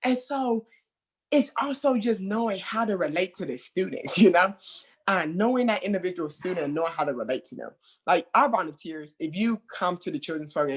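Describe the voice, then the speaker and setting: A woman's voice: fairly low pitch, slightly rough. A woman who works at a children's center, talking casually and expressively with lots of fillers over a video call. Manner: expressive, conversational, many fillers like "like". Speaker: children's center worker sharing experience. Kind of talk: casual training discussion.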